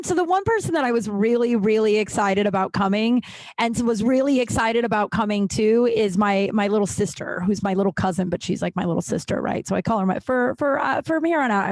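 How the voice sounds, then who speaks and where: Woman, podcast host, casual rambling chat, animated, swears freely, emotional, mid pitch, dry sound. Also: no echo. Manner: emotional, close to tears at times. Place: at home.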